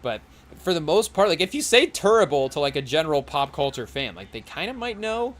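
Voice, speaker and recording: Young man, podcast host, casual chat, rambling, slightly high voice, keeps saying hey yo. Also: big pitch swings, a little fast. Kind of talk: casual chat watching a live game.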